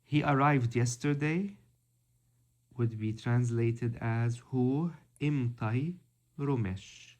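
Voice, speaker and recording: A man teaching a vocabulary lesson, slow and methodical, repeating each word. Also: medium pitch, a little mellow. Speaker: language teacher.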